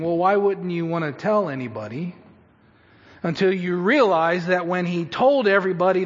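A man delivers a sermon with dramatic swings between quiet storytelling and loud pleading. His voice sits a bit high for a man. The recording is muffled and rings with long reverb from a large hall. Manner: dramatic, shifts from hushed storytelling to shouted pleading. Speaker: pastor.

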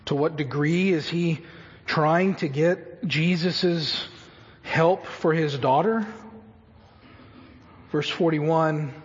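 A man delivers a sermon with dramatic swings between quiet storytelling and loud pleading. His voice sits a bit high for a man. The recording is muffled and rings with long reverb from a large hall. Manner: dramatic, shifts from hushed storytelling to shouted pleading. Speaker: pastor.

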